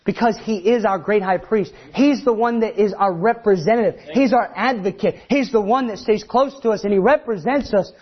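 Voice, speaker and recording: A man preaching a sermon, animated, acting out the voices he quotes. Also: high-pitched, normal speed, hardly any pauses, breathy edge, dull audio.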